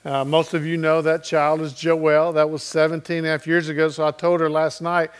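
A middle-aged male pastor preaching in a chatty, storytelling manner, pitched a little high for a man. He keeps checking in with the congregation. His delivery swings between loud and hushed. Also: little pitch movement, brisk, smooth. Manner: conversational storytelling, checks in with listeners. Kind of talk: sermon.

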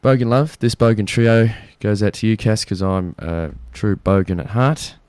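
Hosting a community radio show, this young Australian man talks at a moderate pace in a lowish, a little mellow voice. He's chatty and jokey, rambling with lots of fillers, and the tone is clean with no echo.

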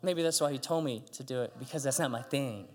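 A middle-aged male pastor telling stories in a sermon from a church stage, animated and acting out the dialogue. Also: quick pace. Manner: animated, acts out dialogue with big pitch jumps. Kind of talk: sermon storytelling. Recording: long hall reverb.

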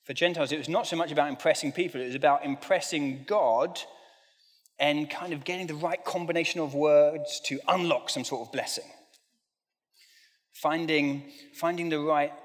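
A preacher man in a reverberant hall. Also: fairly high pitch. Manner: conversational and self-deprecating, with light humor. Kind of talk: sermon. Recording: long reverb of a large hall.

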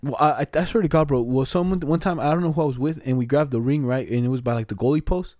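A man's voice: medium pitch, quick pace, a little mellow, dry recording. A young man rambling through school memories in casual, slangy chat. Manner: slangy, rambling, laughs often.

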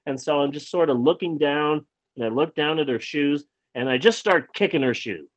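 Animated man with a highish voice. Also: moderate pace. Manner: animated, repeats words, swears freely. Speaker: guest telling a personal story. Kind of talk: casual anecdote.

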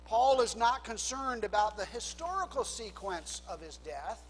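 A man preaching a sermon as a pastor, swinging between hushed low phrases and loud emphatic lines. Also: animated, normal speed, in a large hall, slight background noise, low-quality recording. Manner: preaching with dramatic drops to a hush and rising emphasis.

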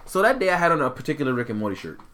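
A young man co-hosting a casual podcast, telling a story as an animated, profane rant. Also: medium pitch, rapid-fire. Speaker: podcast co-host.

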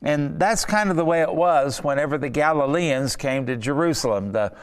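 A man preaching a sermon in a slow, deliberate, emphatic way, with pauses between his phrases. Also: on the high side, clear, resonant tone. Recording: long reverb of a large hall.

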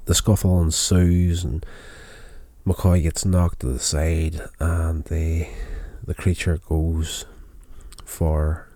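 A man's voice: very deep voice, steady tone, takes it slowly, warm tone, dry recording. A tired man casually recapping a television episode, rambling with many fillers and restarts. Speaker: show recapper.

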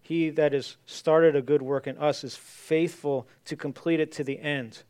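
Male pastor, sermon delivery, clear resonant tone, a little high. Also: fairly even intonation, unhurried, darkish tone. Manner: earnest, reads scripture aloud then repeats it.

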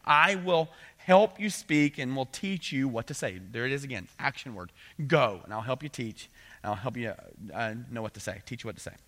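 A man's voice: medium pitch, animated, moderate pace, a bit bright. A middle-aged man giving a conversational sermon, acting out voices and often asking "right?". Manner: conversational preaching, acts out voices, frequent "right?". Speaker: pastor.

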